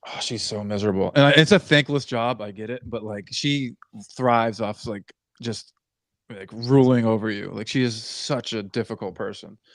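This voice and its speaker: A man's voice: on the low side, normal speed, dry recording. Man co-host, chatty and laughing, close dry sound. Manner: laughs often, rambling and venting. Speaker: podcast co-host. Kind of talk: casual chat.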